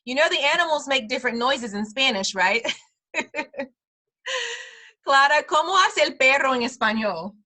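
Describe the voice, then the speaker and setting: A woman teaches a casual parent class with a bright, clear voice that sits a little high. She repeats each phrase slowly for the learners and laughs easily between them. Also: animated. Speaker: preschool director teaching a parent Spanish class. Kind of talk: friendly language lesson.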